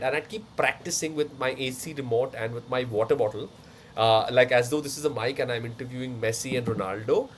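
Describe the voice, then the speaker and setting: A young man, a sports presenter, telling a personal story in an animated, excitable way and slipping into Hindi now and then. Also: mid-range voice, a little hiss or hum. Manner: fast, excitable, switches into Hindi.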